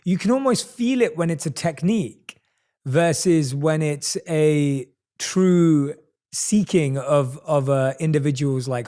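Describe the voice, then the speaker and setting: A man's voice: on the high side, a little mellow. A man hosting a podcast interview, enthusiastic and affirming as he asks questions. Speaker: podcast host. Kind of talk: conversational interview.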